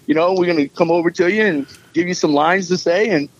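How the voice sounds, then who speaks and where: A man's voice: high-pitched, quick pace, highs cut off. A man, a musician and filmmaker, telling rambling stories in casual chat and acting out what people said. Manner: rambling storyteller, acts out quotes.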